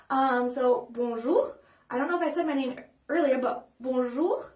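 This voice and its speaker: A high-pitched woman running a children's storytime, talking in a chatty, upbeat way full of ums and small restarts. She stands a little away from the microphone, so her voice sounds distant, and the room around her is echoey. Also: expressive, a little mellow. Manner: sings simple songs slowly for kids to follow. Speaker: children's librarian leading storytime. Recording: echoey room, voice a bit far from the mic.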